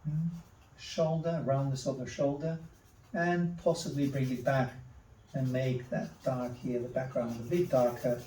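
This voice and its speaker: Slow, mellow-voiced man narrating a drawing. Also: medium pitch, level tone, slight background noise. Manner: terse murmured step-by-step remarks while working. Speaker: artist. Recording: echoey room, distant mic.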